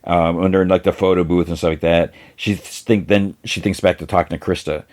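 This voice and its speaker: Low-voiced man rambling through a recap. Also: fairly even intonation, a little fast, a little mellow. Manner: rambling, filler-heavy, briefly voices characters. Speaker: podcast host. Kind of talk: casual episode recap.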